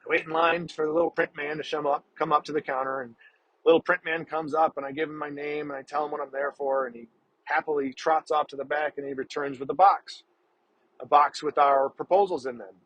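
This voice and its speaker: A man's voice: a little high, steady tone, a little fast, fairly bright tone, slightly rough, low-quality recording. A man hosting a podcast, telling a story in a casual, profane, exasperated way. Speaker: podcast host.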